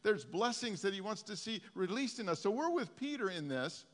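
A male pastor giving a conversational sermon, his intensity swinging from soft to loud. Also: high-pitched, very animated, moderate pace, in a large hall. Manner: conversational preaching, rising and falling in intensity.

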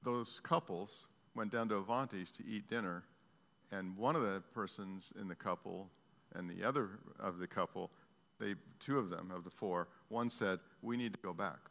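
A male pastor preaching a sermon, telling a story in an earnest, halting way. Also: deep voice, creaky, a bit bright. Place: church sanctuary. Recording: long hall reverb.

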